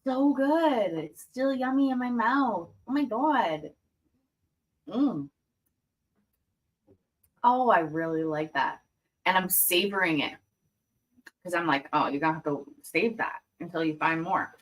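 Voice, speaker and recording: Slow, lively-voiced woman tasting candy. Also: fairly low pitch. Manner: chatty, giggly, savoring food aloud. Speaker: livestream host reacting to court videos. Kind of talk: casual livestream chat while tasting candy.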